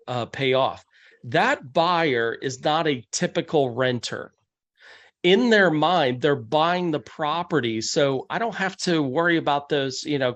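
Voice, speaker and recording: Presenting a seminar on real estate deals, a man goes step by step in a conversational way and drops into quoted voices of investors and buyers. His voice is slightly high and a bit bright.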